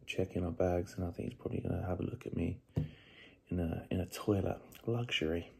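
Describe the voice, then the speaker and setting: A man's voice: low voice, fairly even intonation, brisk, vocal fry, mellow, husky. A young man vlogging casually while tired after no sleep, rambling loosely with fillers and swearing. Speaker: bodybuilder vlogger. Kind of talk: casual vlog chat.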